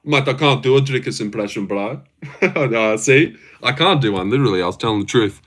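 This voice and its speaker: A man's voice: mid-range voice, a little fast, a bit bright. A young Australian man hosting a casual livestream, reading chat, rambling and swearing with frequent laughs. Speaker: livestream host.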